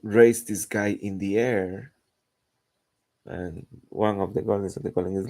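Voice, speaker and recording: A man's voice: fairly low pitch, steady tone, unhurried, darkish tone. A man chatting casually while drawing, rambling and searching for words. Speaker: artist narrating his drawing.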